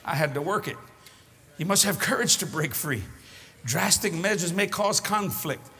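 An older man preaching a sermon, fervent and folksy, often shouting as he tells stories. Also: a little high, animated, normal speed. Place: large church hall with congregation. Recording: echoey live hall recording with crowd and noise.

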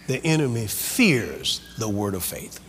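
A man's voice: fairly low pitch, a little slow, long reverb tail. A man preaching a sermon, leading the congregation in call-and-response. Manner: lively, call-and-response preaching with quoted voices.

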